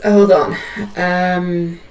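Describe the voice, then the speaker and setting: A woman's voice: fairly low pitch, flat delivery, drawn-out words, a little mellow, roomy sound, distant mic, rough recording. A woman giving a live tarot reading, speaking tenderly and reassuringly and calling listeners sweetheart. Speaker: tarot reader.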